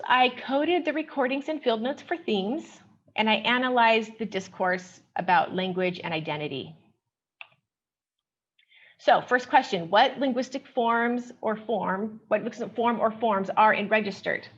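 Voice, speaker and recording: A woman researcher giving an academic paper presentation at a conference. She speaks in a measured, explanatory way and often opens her points with "okay". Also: on the high side, dull audio.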